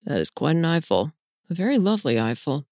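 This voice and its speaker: A woman reading the lines of a charming, teasing male naval officer in an audiobook, in a smooth, playful manner. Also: deep voice, big pitch swings, fairly quick, a little mellow, no room sound, studio quality. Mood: admiring.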